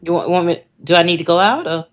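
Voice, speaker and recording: A woman co-hosting a live podcast over a remote connection, cheerful and quick to laugh. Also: on the low side. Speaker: podcast co-host. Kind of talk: casual live-stream chat.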